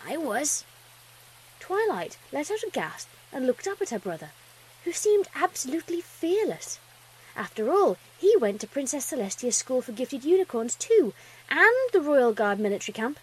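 A woman reading a fan story aloud as the narrator, with expressive delivery. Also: sits high, moderate pace, rough recording.

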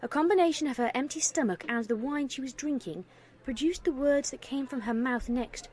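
A woman narrating a fan fiction story in an even storytelling manner. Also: high-pitched, fairly quick, breathy edge.

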